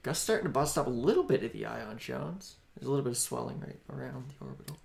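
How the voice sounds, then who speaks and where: A man riffing through live fight commentary as a co-host, talking fast with a gravelly rasp. His delivery is joking and offhand, like he is chatting through a broadcast with a friend. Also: medium pitch, animated, darkish tone.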